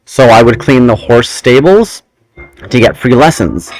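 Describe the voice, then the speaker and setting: A young man hosting a casual chat, telling a long personal story with quick asides and tangents. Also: mid-range voice, animated, rough recording. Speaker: host.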